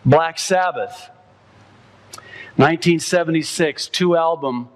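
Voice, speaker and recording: A male pastor preaching a sermon, reading quotes aloud and working himself up to high, loud, impassioned peaks. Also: takes it slowly.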